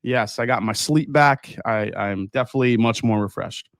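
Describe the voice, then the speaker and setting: A man's voice: medium pitch, normal speed, no echo, studio quality. Upbeat man hosting a livestream. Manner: upbeat, greets viewers by name, reads chat aloud. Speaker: livestream host. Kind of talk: casual livestream chat.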